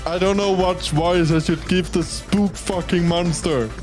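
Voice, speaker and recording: A man's voice: high-pitched, steady tone, a little slow, a little mellow, soft background music. A man from Denmark streaming a game, reading its text aloud and commenting casually, swearing freely.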